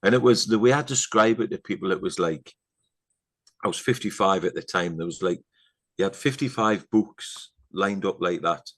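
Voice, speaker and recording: A middle-aged man from England, a podcast guest telling a story in casual chat, rambling through fillers and asides and often dropping to a hushed, earnest voice. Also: low-pitched, moderate pace.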